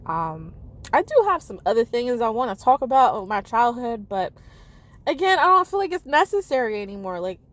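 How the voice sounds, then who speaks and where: A woman's voice: on the high side, sing-song, normal speed, a bit bright, dry recording. A woman in her thirties talking casually to camera, chatty and candid, with lots of "like" and "you know". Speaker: vlogger.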